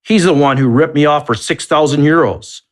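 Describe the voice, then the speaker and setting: A man's voice: medium pitch, big pitch swings, brisk, fairly bright tone, pitched above the performer's own voice. A man voicing a flustered, geeky middle-aged lawyer who talks indignantly and defensively, in a storybook reading.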